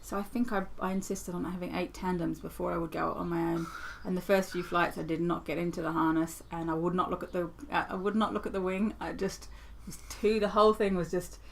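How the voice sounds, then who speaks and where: A woman from the UK, a paramotor pilot, talking as a podcast guest in a thoughtful, halting way. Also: fairly low pitch, level tone, gravelly, a little hiss or hum. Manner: thoughtful, halting, restarts phrases. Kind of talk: casual interview chat.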